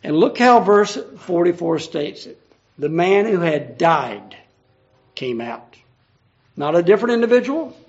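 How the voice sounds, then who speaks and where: High, gravelly male preacher, lo-fi. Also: animated, unhurried. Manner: earnest, conversational, explaining each verse. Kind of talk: verse-by-verse Bible teaching. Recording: dull lo-fi recording.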